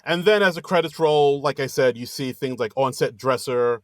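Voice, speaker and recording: At normal speed and recorded dry, a man co-hosting a podcast walks through a movie in a casual recap. He brings it to life by performing lines of dialogue in a high voice.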